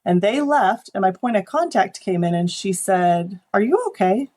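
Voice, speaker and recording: A woman photographer chats as an interview guest, her pitch sitting right in the ordinary middle. She tells stories from her shoots with lively energy and briefly takes on the voices of clients and colleagues. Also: normal speed. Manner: animated storytelling, acting out quoted people. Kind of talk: conversational interview.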